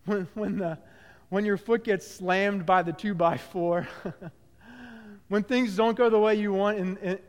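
A man preaching a sermon, animated, with loud bursts that drop to quiet low phrases and frequent restarts. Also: slow, long pauses, long reverb tail. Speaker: pastor.

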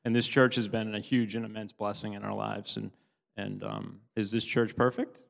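A man's voice: fairly low pitch, flat delivery, gravelly. Tearful man testifying in a reverberant hall. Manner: halting, many restarts, laughs often. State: tearful, sobbing at times. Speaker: church member giving testimony. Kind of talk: emotional personal testimony. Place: church hall.

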